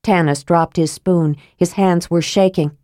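A woman narrating a fantasy audiobook in a measured, steady storytelling manner. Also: lowish voice, no room sound, studio quality.

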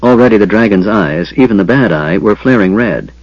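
A man narrating an audiobook in a measured, expressive manner. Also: fairly low pitch, no echo, lo-fi sound. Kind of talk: scripted narration.

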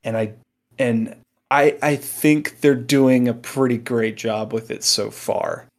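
A man's voice: mid-range voice, fairly even intonation, slow, gravelly, slight background noise. A man chatting casually on a podcast panel, rambling and repeating words as he searches for his point. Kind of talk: casual chat.

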